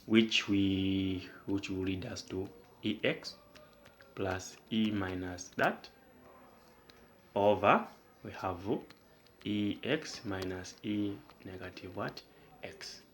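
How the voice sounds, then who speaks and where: Slow, low-voiced man tutoring math. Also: steady tone, a little hiss or hum. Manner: explains step by step with question prompts. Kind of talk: whiteboard math lesson.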